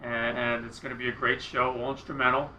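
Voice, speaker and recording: A middle-aged man, a guest guitarist, telling a story in a casual interview, animated and self-mocking, often laughing. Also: medium pitch, fairly quick, roomy sound, slight background noise, low-quality recording.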